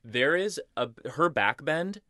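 A man's voice: a little high, expressive, slow, bright, forceful tone, dry recording, clean studio sound. A man co-hosting a podcast, chatting casually about a horror film and often chiming in with short agreements. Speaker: podcast co-host. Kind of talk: casual film recap chat.

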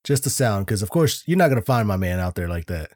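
Laid-back mellow-voiced podcast guy. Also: fairly low pitch, sing-song, quick pace, no room sound, studio quality. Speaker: podcast co-host. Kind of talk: casual podcast chat.

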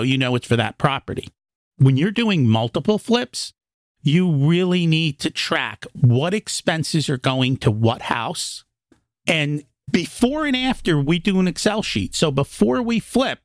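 A man's voice: fairly high pitch, dry recording. Practical, emphatic man guest, dry sound. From immigrated to the United States as a child. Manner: practical, emphatic, acts out inner dialogue. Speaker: podcast guest, real estate investor. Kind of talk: conversational interview explanation.

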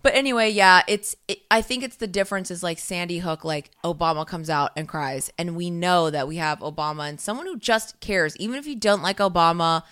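A woman's voice: fairly low pitch, fairly quick, few pauses, fairly bright tone, clear, resonant tone. A woman in casual podcast chat, blunt and profane, often laughing.

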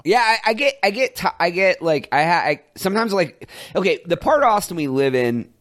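A man's voice: high-pitched, big pitch swings, a little fast, fairly bright tone. A man from Ohio co-hosting a podcast, talking in a loose, profane, rambling way. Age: adult. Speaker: podcast co-host. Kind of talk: casual chat.

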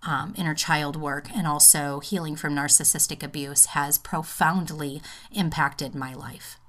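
A woman with a low, deep voice talks to her podcast listeners from home. She speaks earnestly and from the heart, wandering through her thoughts with fillers and restarts. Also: steady tone, unhurried, a bit bright. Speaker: podcast host. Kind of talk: personal monologue. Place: home, just out of the bath.

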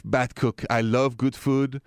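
A man's voice: medium pitch, flat delivery, slow pace, smooth, no room sound, clean studio sound. A man with a French accent co-hosting a radio talk show, easygoing with short answers. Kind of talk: casual radio chat.

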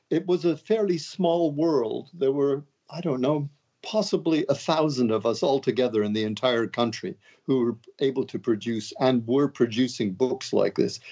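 An older man from Montreal talks through his career in a relaxed interview, dropping dry, self-deprecating jokes along the way. His voice sits at an ordinary pitch, and the recording sounds a little dull and lo-fi. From Canada, Montreal. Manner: wry, joking, self-deprecating. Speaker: author and guest. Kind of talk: casual interview talk. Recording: dull lo-fi audio.

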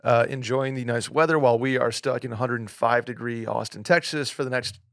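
A man hosts a podcast with loose, joking banter, needling his guest and running through plugs with brisk ease. His voice sits in a middle register and sounds close and dry, with no room around it. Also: mid-range voice, fairly even intonation, vocal fry, no echo. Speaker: podcast host. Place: studio in Austin, Texas.

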